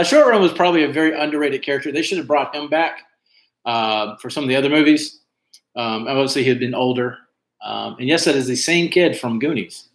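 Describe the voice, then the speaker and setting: A man's voice: fairly high pitch, fairly bright tone. A man hosting an online trivia night, chatting casually and reading out team names with lots of fillers. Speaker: trivia host. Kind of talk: casual livestream chat. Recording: echoey room.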